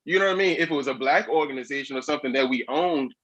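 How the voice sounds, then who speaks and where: A man's voice: mid-range voice, a bit bright, breathy edge. A man talking in casual podcast chat, emphatic and sarcastic. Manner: emphatic, sarcastic, fast-flowing.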